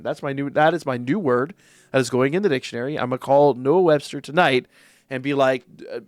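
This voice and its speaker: Excitable man rambling through a manga recap. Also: mid-range voice, a little slow, long pauses, no echo, soft background music. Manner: enthusiastic, rambling, repeats words when excited. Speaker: manga reaction channel host. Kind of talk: casual reaction and review chat.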